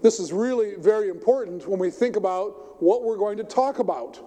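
An older man preaching a sermon, telling stories emphatically and swinging his voice between loud and soft. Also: moderate pace. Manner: storytelling, emphatic, varies pitch and volume widely. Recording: long hall reverb.

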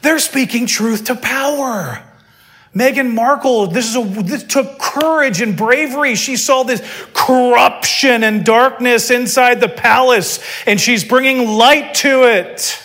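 A man voicing an earnest, starry-eyed young person who speaks slowly and gushes with admiration. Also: very high voice, bright, forceful tone, pitched above the performer's own voice, heavily acted. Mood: gushing.

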